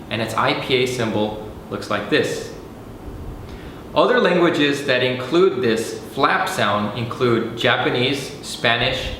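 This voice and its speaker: A man teaching English pronunciation in a clear, deliberate lesson, slowly stressing the example words. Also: mid-range voice, a bit bright, heavy reverb, a little hiss or hum. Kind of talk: scripted lesson.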